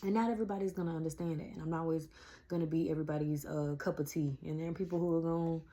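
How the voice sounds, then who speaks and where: A woman's voice: deep voice, fairly even intonation, racing, dark tone. A woman around forty, chatting casually to camera and calling her viewers y'all. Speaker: vlogger.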